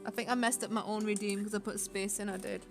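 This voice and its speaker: A young woman streaming a game from her bedroom, chatting in a relaxed way and thinking aloud. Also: medium pitch, fast, gravelly. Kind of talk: casual gameplay chat. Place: bedroom at home. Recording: game music playing underneath.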